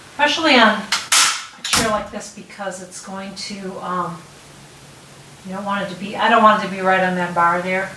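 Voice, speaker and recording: Chatty middle-aged woman, roomy distant sound. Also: mid-range voice. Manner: chatty, talks while working, frequent restarts and "okay?" check-ins. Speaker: DIY tutorial host. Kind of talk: casual step-by-step demonstration. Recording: roomy, distant mic with faint noise.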